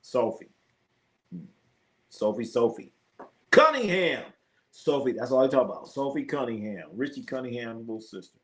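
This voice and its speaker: A middle-aged man hosting a live sports stream, chatting casually with viewers and telling profane, animated stories. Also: medium pitch, normal speed, pauses often.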